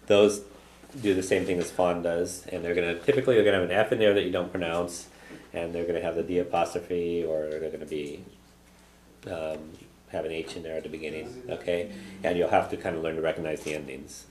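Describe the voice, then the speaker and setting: A man teaches a language lesson in a classroom, explaining patiently, modeling phrases for students to repeat, and often asking "okay?". His low voice is flat, a little fast, and somewhat mellow. The room is echoey with class chatter and slight background noise.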